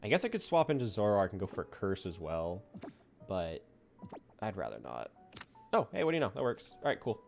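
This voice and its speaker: A male streamer chatting as he plays, playful and teasing, his pitch jumping all over as he laughs and jokes. Soft game music runs quietly under his voice. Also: wildly swooping pitch, a little fast, creaky. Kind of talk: casual gameplay chat.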